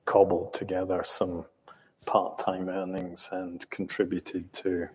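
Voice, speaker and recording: A man's voice: sits low, monotone, slow pace, slightly rough, long reverb tail. An older man from England telling his life story in a reflective, hesitant way, with many ums and restarts and the odd chuckle. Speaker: interviewee recounting his life.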